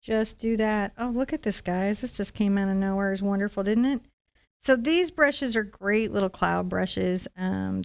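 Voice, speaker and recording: Smooth-voiced woman teaching painting live. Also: mid-range voice. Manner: chatty, encouraging step-by-step explanation. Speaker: painting instructor and live-stream host.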